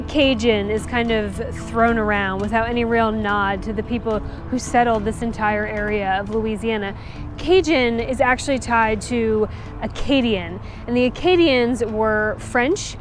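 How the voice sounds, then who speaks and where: A woman's voice: fairly high pitch, a little slow, over music. A woman narrating a casual travel vlog in a chatty, breezy way, with the odd casual swear. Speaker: travel vlogger.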